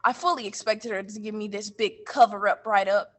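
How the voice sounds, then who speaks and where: A woman playing a blunt middle-aged man who runs a coastal mission, telling his story on stage and getting heated and loud. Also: medium pitch, fairly even intonation, fairly quick, lightly acted. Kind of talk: stage monologue from interviews.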